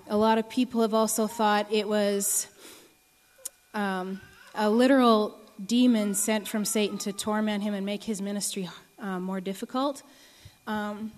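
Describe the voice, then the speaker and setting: A young woman in her early twenties giving an earnest sermon and testimony, speaking slowly with many ums. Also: mid-range voice, darkish tone. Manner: earnest, many ums, rises to emotional pleading. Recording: long reverb of a large hall.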